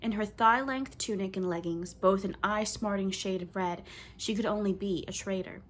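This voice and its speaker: A woman reading a children's novel aloud in clear, measured storybook narration. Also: mid-range voice. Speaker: audiobook reader.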